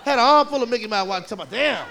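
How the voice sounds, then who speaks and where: A man performing profane, animated stand-up comedy storytelling on a club stage, with a laughing audience behind him. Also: extremely high pitch, rapid-fire, a crowd in the background, noisy background. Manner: profane, animated storytelling with shouted kid voices.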